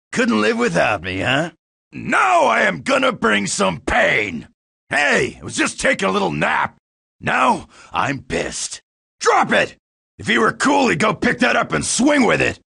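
A loudmouthed American marine in a video game, all crude taunts and bravado. The voice is raspy and gravelly, with a bright, hard edge that cuts through. He is mostly shouting, in slow, deliberate bursts. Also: sits high, heavily acted. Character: brash loudmouthed American marine, middle-aged, cocky.

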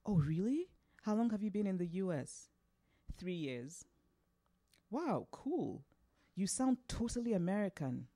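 A woman's voice: mid-range voice, big pitch swings, unhurried, warm tone, no echo, clean studio sound, voice pushed up. A woman voicing an eager young male phone salesman in a read-aloud story, with upbeat sing-song questions. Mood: chirpy.

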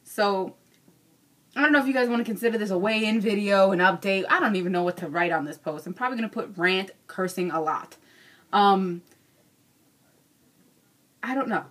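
A woman's voice: mid-range voice, normal speed, long pauses. A young adult woman ranting casually in a vlog, frank and self-mocking, cursing freely. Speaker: vlogger.

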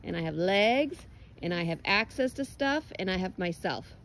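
A woman's voice: mid-range voice, expressive, moderate pace, a bit bright, slight background noise, low-quality recording. Woman dog trainer coaching outdoors. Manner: directive, encouraging coaching. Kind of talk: hands-on coaching and explanation. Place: outdoors on a lawn.

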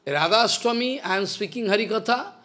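Animated high-voiced male preacher. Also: fairly quick. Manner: emphatic, repeats phrases, broken English. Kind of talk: sermon.

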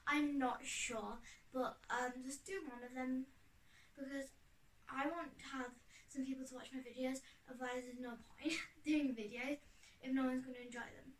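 A high-voiced woman vlogs to a camera set on a tripod in her bedroom, speaking at normal speed with a steady tone. She chats casually, giggling and getting easily sidetracked. The sound is roomy, with the mic a bit far away and faint noise present.

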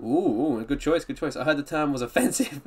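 Upbeat male streamer with a lively voice. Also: fairly high pitch, fairly quick, slightly rough, faint music behind. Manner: upbeat, greets and answers viewers' chat often. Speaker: streamer reacting to videos. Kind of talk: live-stream reaction chat.

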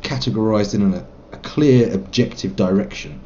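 A man's voice: lowish voice, normal speed, darkish tone, lo-fi sound, slight background noise. A man streaming a game live, musing and rambling about his choices and reading dialogue options aloud with some self-mockery. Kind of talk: live let's play commentary.

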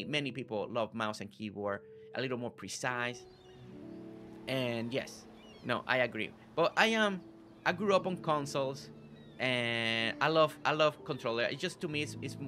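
A gaming channel host with a slight non-native English accent plays live over faint game music. His voice is on the high side, fairly bright and touched with vocal fry, and he chats upbeat with viewers, greeting them by name.

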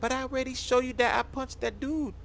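A man's voice: very high-pitched, fairly even intonation, a little fast, creaky, a bit bright, heavily acted. A man voicing a naive young boy who wants to join a gang, eager but timid.

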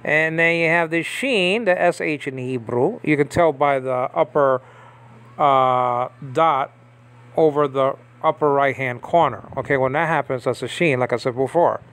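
A man giving a casual Bible language lesson, talking conversationally and checking in often with his listeners. He pauses and restarts as he reads text aloud from a screen. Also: medium pitch, fairly bright tone. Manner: conversational, checks in with frequent "okay?" and "you understand?". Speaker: Bible teacher.

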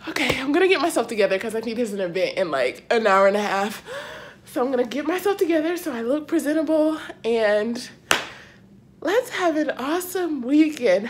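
A woman's voice: a little high, big pitch swings, a little fast, slight background noise. A young woman from Ohio vlogging from a hotel room, gushing and tearful as she talks straight to her viewers. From Akron, Ohio. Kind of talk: emotional vlog chat.

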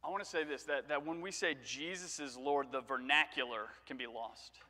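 Bright-voiced preacher in a reverberant church. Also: male voice, mid-range voice, normal speed. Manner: conversational storytelling with rhetorical questions. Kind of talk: sermon. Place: church sanctuary.

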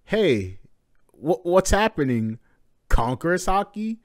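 A man's voice: a little high, big pitch swings, slow pace, dry recording, pitched above the performer's own voice. A man voicing a huge brutish male warlord while reading manga dialogue aloud in a dry room. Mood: alarmed. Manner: read-aloud manga dialogue, loosely voiced.

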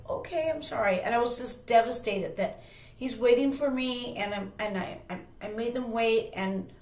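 Brief: woman host, mid-pitched, emphatic rambling storyteller, echoey room. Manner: emphatic, rambling with restarts and repeats. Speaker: channel host. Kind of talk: casual personal storytelling. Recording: roomy echo.

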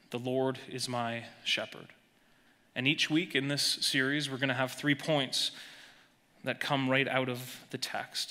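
A male pastor preaching a sermon with emphasis, dropping soft and slow when quoting verses. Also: mid-range voice, in a large hall. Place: church sanctuary.

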